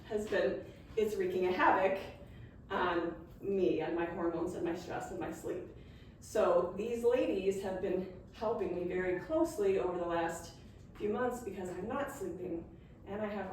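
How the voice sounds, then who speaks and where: An earnest middle-aged woman with a fairly low voice shares her own stress openly with an audience. She is far from the mic. The room is very echoey, with faint background noise. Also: a little mellow. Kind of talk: casual talk to a live audience.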